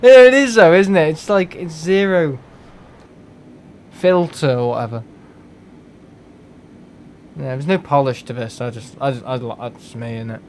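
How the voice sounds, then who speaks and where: A man's voice: a little high, a little slow, long pauses, darkish tone, a little hiss or hum. A man chatting bluntly on a live game stream, rambling, joking and swearing freely.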